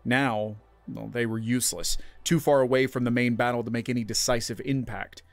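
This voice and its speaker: A man narrating a sci-fi audio story in a measured, dramatic storytelling manner. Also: mid-range voice, steady tone, no echo, soft background music. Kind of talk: scripted narration.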